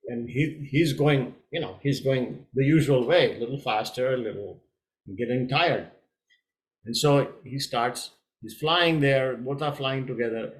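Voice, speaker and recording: A man, a tai chi coach, telling a parable in a gentle storytelling way, with small hesitations. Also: medium pitch.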